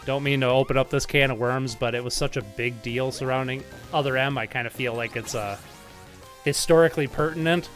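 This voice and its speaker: A young man streaming retro games, chatting in a rambling, animated way with lots of filler words and frequent laughs. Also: medium pitch, brisk. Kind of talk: casual live-stream chat while playing. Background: faint game music.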